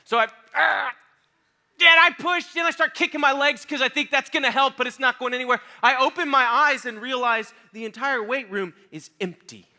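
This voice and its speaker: A man's voice: extremely high pitch, fairly quick, few pauses, sharp tone. A man preaching a youth sermon, telling a comic story about himself and acting out scenes, then speaking earnestly to his audience. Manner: playful, self-mocking, acts out scenes with voices and sounds; earnest and direct when addressing the audience. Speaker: youth pastor.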